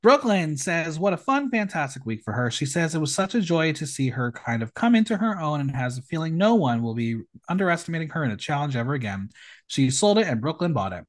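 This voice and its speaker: A man's voice: a little high, very animated, fairly quick. A man hosting a podcast, recapping a show in casual chat and reading out judges' comments with emphatic, campy delivery. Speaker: podcast host.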